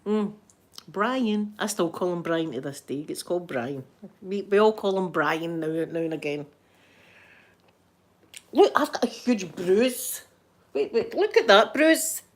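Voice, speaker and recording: A woman's voice: fairly low pitch, expressive, unhurried, pauses often. A middle-aged Scottish woman hosting a live stream, chatting casually with viewers, laughing often and mimicking other voices. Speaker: ASMR livestream host.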